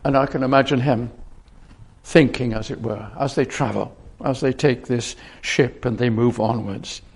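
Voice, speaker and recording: A man's voice: mid-range voice, measured pace, creaky, darkish tone, breathy edge. A man preaching a sermon, earnest, often restarting and repeating phrases as he explains a Bible passage.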